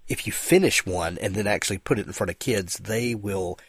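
A man hosting an interview, talking in a halting way with frequent restarts. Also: fairly low pitch, breathy edge, no echo. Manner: halting, many restarts and fillers. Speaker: podcast host. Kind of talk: interview conversation.

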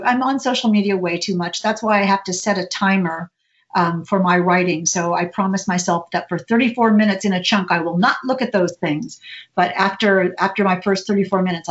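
A woman author and former reporter talking about writing in a casual interview, in an animated, chatty way with many restarts. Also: mid-range voice, muffled recording.

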